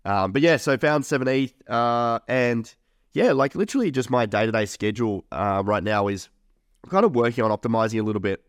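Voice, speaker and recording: A man's voice: mid-range voice, brisk, dry recording, clean studio sound. A young man co-hosting a podcast, chatting casually, swearing and laughing often. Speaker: podcast co-host.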